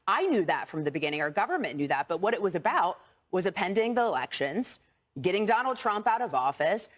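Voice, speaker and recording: A woman's voice: on the low side, big pitch swings, brisk. A woman speaking as a panel guest, heated, starting sentences with "I mean". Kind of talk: opinion panel talk.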